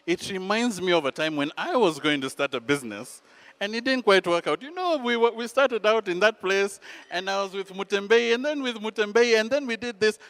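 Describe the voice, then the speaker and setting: A man voicing a calm elderly grandfather who talks in a slow, unhurried, gently deflecting way. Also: sits high, pitched above the performer's own voice. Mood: reminiscing.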